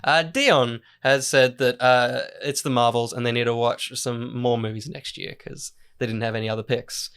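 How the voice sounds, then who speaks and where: A man with a middle-pitched voice hosts a casual movie chat. He reads out listener picks in a loose, easygoing way, dropping in quick remarks of his own. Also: fairly even intonation, fairly bright tone, clean tone. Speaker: podcast host.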